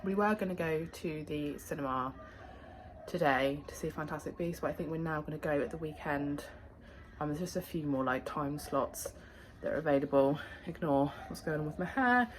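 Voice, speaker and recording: A young woman vlogging casually about her day, chatty and relaxed, her voice hoarse as she is losing it. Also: deep voice, normal speed, slight background noise. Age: young adult. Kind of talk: casual vlog chat.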